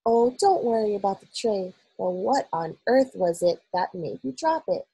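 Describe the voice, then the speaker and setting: A woman's voice: medium pitch, sing-song, normal speed, husky, dry recording, rough recording. A woman voicing a composed, dignified queen who speaks sharply when alarmed, in a storybook reading. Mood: dismayed. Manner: startled, then sharp and commanding.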